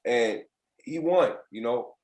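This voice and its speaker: A man's voice: mid-range voice, animated, takes it slowly, a little mellow, roomy sound, slight background noise. A man in his late twenties from Virginia telling stories as a podcast guest, candid and profane, often acting out what others said. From United States, Virginia. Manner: candid, profane, reenacts quotes in other voices. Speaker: podcast guest, former basketball player. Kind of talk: casual storytelling interview.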